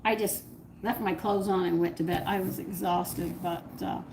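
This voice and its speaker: A woman's voice: lowish voice, steady tone, moderate pace, a little mellow, a little hiss or hum, poor audio. An older woman hosting a cooking channel, rambling through a personal story to her viewers, laughing often and acting out what people said. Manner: chatty, rambling, laughs often, acts out dialogue.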